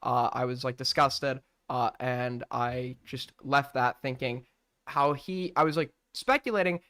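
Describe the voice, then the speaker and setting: A man's voice: mid-range voice, measured pace, bright, forceful tone, clear, resonant tone. A man hosting a live-stream call-in show, talking casually, hesitant with many fillers and restarts.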